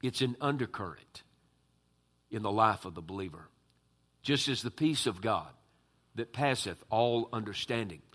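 A man delivers a sermon in a bright, forward voice, leaning hard on key words and drifting into folksy asides. He talks with filler words and a relaxed, conversational warmth toward the congregation. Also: on the low side, normal speed, pauses often. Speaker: pastor.

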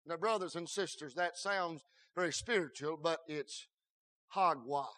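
A man preaching a sermon as pastor, with a shouting, sing-song cadence and many "uh" fillers and stammered restarts. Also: fairly high pitch, unhurried.

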